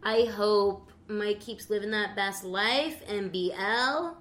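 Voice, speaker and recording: A woman's voice: medium pitch, slow pace, a bit bright, a little hiss or hum. A woman hosting a podcast, chatting casually, giggling and rambling with lots of fillers. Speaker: podcast host. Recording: roomy echo.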